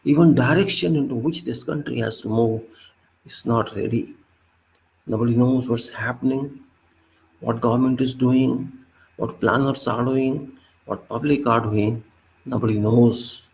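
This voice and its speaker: A man's voice: mid-range voice, fairly even intonation, unhurried, gravelly, poor audio. A man with an Indian English accent giving an emphatic, lecturing political commentary monologue and repeating his points.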